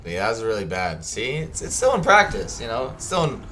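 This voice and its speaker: A man's voice: lowish voice, big pitch swings, normal speed, pushed and bright, a little hiss or hum. A young man streaming a strategy game, chatting casually and rambling, with many fillers and self-corrections. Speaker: gaming streamer. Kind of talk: casual livestream commentary.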